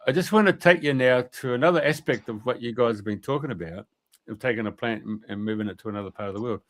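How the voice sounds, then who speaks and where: A man's voice: medium pitch, fast. Rambling man telling a story. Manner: colloquial and rambling, many fillers, mild swearing. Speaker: guest. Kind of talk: storytelling in a radio interview.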